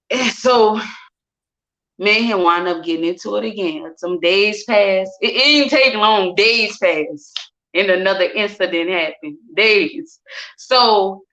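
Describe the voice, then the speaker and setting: A woman telling a personal story with emotion, acting out what people said in shifting voices. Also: mid-range voice. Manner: animated, acts out quotes in different voices. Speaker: guest sharing her story. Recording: dull lo-fi recording.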